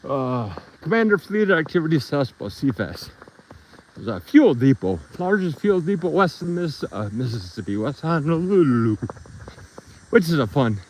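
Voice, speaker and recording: A man's voice: a little high, big pitch swings, moderate pace, a little mellow, slight background noise, rough recording. A man telling a rambling story in a casual live stream while walking his dogs on a trail outdoors, a bit out of breath.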